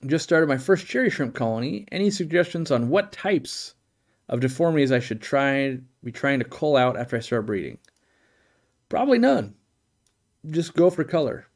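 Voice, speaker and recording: A man's voice: medium pitch, sing-song, moderate pace. A middle-aged man hosting a live stream, answering viewer questions in a blunt, opinionated, rambling way with many restarts. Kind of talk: casual live Q&A chat.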